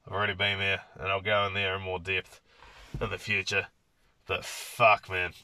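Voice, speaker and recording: A man's voice: low voice, monotone, normal speed, bright, forceful tone. A young man hosting a podcast, telling rambling stories in casual talk full of swearing. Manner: profane, rambling storyteller. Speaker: podcast host. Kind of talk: casual monologue.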